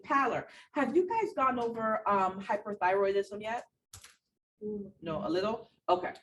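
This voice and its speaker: Animated woman lecturing in an echoey room. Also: on the high side, distant mic. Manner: animated, repetitive emphasis, talks to students directly. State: out of breath. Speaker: nursing instructor. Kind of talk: classroom lecture. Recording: echoey room, voice from afar, faint background noise.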